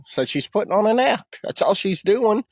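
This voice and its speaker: A man's voice: high voice, sing-song, moderate pace, no room sound. Heated, profane man ranting on a livestream. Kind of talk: casual livestream rant.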